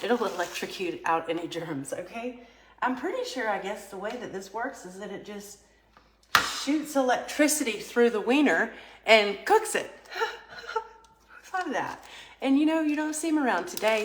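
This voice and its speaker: A woman's voice: medium pitch, reverberant, slight background noise. A woman vlogging a casual product test, chatty and rambling, joking aside to her viewers. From United States. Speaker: vlogger product testing a vintage cooker.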